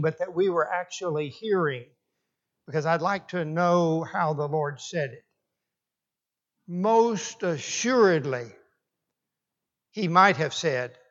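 A man preaching a sermon, slow and deliberate, often restarting his phrases for emphasis. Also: sits high, a bit bright, highs cut off.

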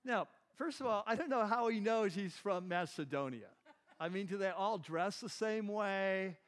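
A man's voice: high voice, lively intonation, normal speed. A man giving a conversational sermon as a Bible teacher, asking his listeners questions and often saying "like" and "right.". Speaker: pastor teaching a Bible class.

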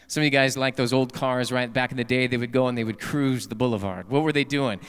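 A man preaching at a Wednesday night service, animated and asking the congregation rhetorical questions. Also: medium pitch, long reverb tail. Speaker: pastor. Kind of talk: sermon.

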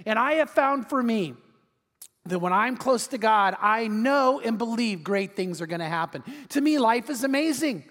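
Male pastor, sermon, animated storyteller, very high voice, long hall reverb. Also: normal speed. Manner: animated storytelling, repeats words.

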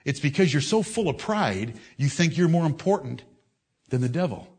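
A man's voice: lively intonation, moderate pace, husky. Fiery man preaching a sermon. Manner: swings between loud raised declaiming and low, intense reasoning; confrontational, scolds listeners directly.

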